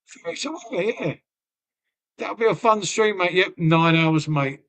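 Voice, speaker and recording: Chatty Lincolnshire streamer, high-pitched voice. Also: male voice, lively intonation, a little slow, fairly bright tone. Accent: Lincolnshire English. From Lincolnshire, England. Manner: banters with chat, swears freely, trails off; folksy, peppered with "mate" and "innit". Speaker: live streamer. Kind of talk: casual live-stream chat.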